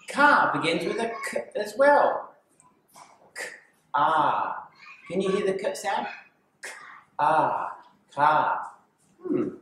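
Aussie guy teaching little kids from an empty classroom, bouncy sing-song voice, slow and echoey. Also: on the high side, sharp tone. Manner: sing-song, playful, exaggerated storytelling voice. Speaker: kindergarten teacher. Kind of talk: reading a picture book to children. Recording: echoey room.

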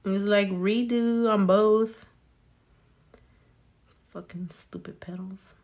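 A young nail artist chats casually while doing her nails for the camera, cursing, talking to herself and her hands, and mixing in Spanish. Her mid-pitched voice is slow and steady, with a darkish tone.

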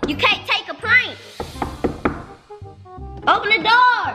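A young woman with a very high, bouncing voice teases and needles in slangy, repetitive phrases. She sounds like she's in an echoey room at home, with music running underneath. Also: lively intonation, slow pace, pauses often. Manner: teasing, repeats herself, slangy. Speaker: vlogger pranking her boyfriend. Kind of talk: casual prank vlog. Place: home, indoors. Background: background music.

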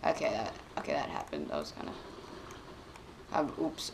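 An excitable woman commentating her own gameplay, her pitch leaping up and down as she yelps at near misses and then drops to low mutters. She talks into a desk mic, with a faint hiss of room noise under her voice. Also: moderate pace, gravelly. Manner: excitable, exclaims often, swings between loud outbursts and quiet mutters. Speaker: gaming channel host. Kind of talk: let's play commentary.

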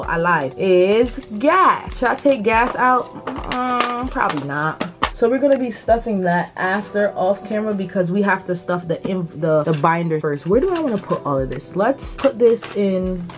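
Chatty young woman budgeting vlogger. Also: medium pitch. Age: young adult. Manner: chatty, talks straight to viewers with lots of asides. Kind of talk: casual chat to camera while cash stuffing.

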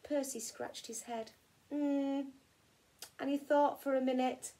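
A woman teacher from England reading a children's picture book aloud in an expressive storytelling way. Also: sits high, moderate pace. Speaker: primary school teacher.

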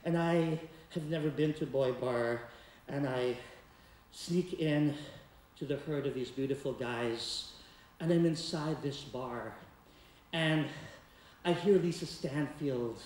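On a community center stage before a laughing audience, a man performs a comic, theatrical personal story, sometimes breaking into song. His medium-pitched voice is slow and darkish with frequent pauses, picked up by a distant mic in an echoey hall.

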